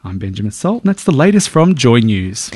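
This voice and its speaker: A man reading a radio news and weather bulletin in a crisp, steady delivery. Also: a little fast, no room sound, clean studio sound. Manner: crisp read bulletin with lively pitch. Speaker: newsreader.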